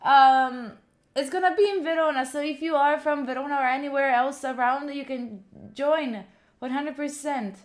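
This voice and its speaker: A young woman hosts a casual live stream, talking straight to her chat. Her voice sits high and she turns excitable as she thanks viewers by name. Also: moderate pace. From Italy. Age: young adult. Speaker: study streamer.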